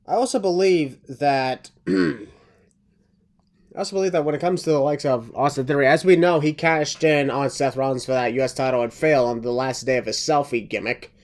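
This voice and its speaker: A man hosting a wrestling review podcast, speaking in a measured way with announcer-like phrasing. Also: mid-range voice. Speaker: podcast host. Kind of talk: casual wrestling review chat.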